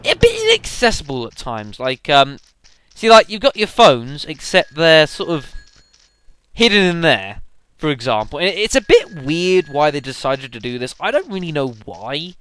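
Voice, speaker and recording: A man's voice: on the high side, sing-song, normal speed, a bit bright, smooth. A young man giving rambling, casual commentary on a game he is playing, with fillers and sudden exclamations. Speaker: let's play commentator.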